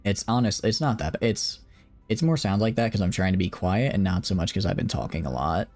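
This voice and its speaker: Tired, creaky-voiced young man streaming games. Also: low voice, lively intonation, brisk, a little mellow, no room sound, faint music behind. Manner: rambling, joking, self-deprecating. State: tired, late at night. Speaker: game streamer. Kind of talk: casual live-stream commentary.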